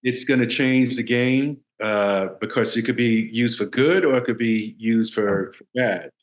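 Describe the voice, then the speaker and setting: A man who is a guest on a podcast gives measured advice, with the odd filler. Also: medium pitch. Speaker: podcast guest, security veteran. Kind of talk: casual interview chat. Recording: roomy echo.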